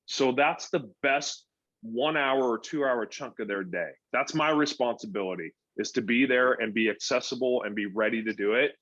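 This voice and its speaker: Bright-voiced middle-aged man telling coaching stories. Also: mid-range voice, moderate pace, no echo. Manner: animated storytelling, acting out what he says to himself and to others. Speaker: guest, former pro pitcher and youth coach. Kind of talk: casual podcast conversation. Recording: dull, dry, lo-fi sound.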